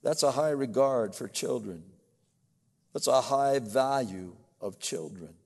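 An older male pastor preaching a sermon, booming on emphatic lines and dropping to soft asides, with a long hall reverb. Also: lively intonation, takes it slowly.

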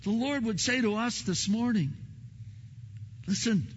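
A man preaching a sermon as pastor, emphatic, often repeating words and swinging between loud and soft. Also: very high voice, normal speed. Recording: long hall reverb, dull lo-fi sound.

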